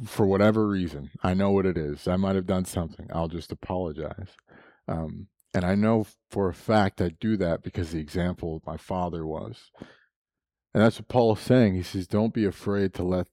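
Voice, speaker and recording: A man's voice: low voice, moderate pace, darkish tone, no room sound. A man preaching a sermon, telling a personal story with frequent laughs and moments of emotion.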